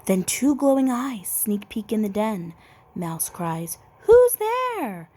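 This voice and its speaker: A woman reading a children's picture book aloud with expressive storytelling. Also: medium pitch, slow pace, breathy edge.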